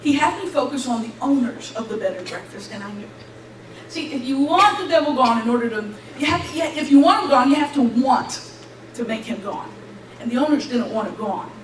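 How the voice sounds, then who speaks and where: A young woman giving an animated church testimony, acting out the voices in her story and laughing between lines. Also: sits high, fairly quick. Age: young adult. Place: church hall. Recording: echoey hall, distant mic, faint hiss.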